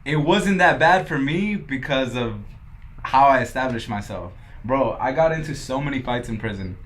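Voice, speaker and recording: A man's voice: medium pitch, lively intonation, moderate pace, a bit bright. A young man from Los Angeles, a podcast guest who tells his story casually, swearing often and acting out what others said. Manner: laid-back, swears a lot, quotes others in dialogue.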